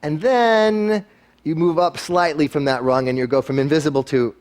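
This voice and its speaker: A man giving a lively motivational talk to a live audience, acting out quoted voices with playful humor. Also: fairly high pitch, moderate pace. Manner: animated, acts out quoted voices. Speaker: guest speaker.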